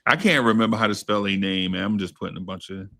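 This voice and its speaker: A man's voice: lowish voice, quick pace, vocal fry, bright, forceful tone. A man hosting a casual group music draft, playful and slangy, laughing often. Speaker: podcast host running a music draft. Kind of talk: casual group chat on a video call.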